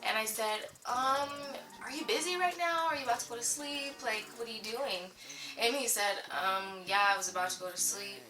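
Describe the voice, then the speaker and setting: A woman's voice: medium pitch, steady tone, moderate pace, bright, forceful tone, slight background noise. A young woman telling a casual storytime to her viewers, chatty and full of filler words. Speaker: vlogger. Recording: echoey room, mic at a distance, faint music.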